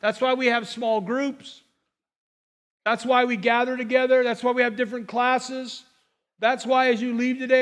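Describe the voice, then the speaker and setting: A man with an unusually high voice preaches in a loose, conversational way. He spins personal stories and coaxes his listeners along as a pastor would from the pulpit. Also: a bit bright. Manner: storytelling, coaxing the congregation with "come on". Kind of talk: conversational sermon.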